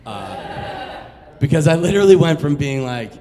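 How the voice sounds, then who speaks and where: A man's voice: fairly high pitch, very animated, unhurried, dark tone, in a large hall. A man from Massachusetts telling a story on stage in a casual, profane, self-mocking way. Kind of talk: live storytelling.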